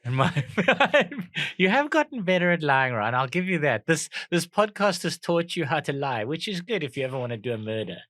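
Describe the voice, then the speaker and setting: A man's voice: on the high side, big pitch swings, fairly quick, fairly bright tone, dry recording, studio quality. A man with a South African accent co-hosting a comedy trivia podcast, teasing his partner in casual chat and laughing often. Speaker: podcast co-host.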